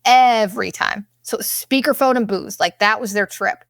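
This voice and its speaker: A young woman hosting a podcast, telling a vacation story in a blunt, profane, animated way and acting out what people said. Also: medium pitch, normal speed, vocal fry, no echo, clean studio sound. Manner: blunt and profane, animated retelling with quoted asides. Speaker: podcast host. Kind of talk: casual storytelling monologue.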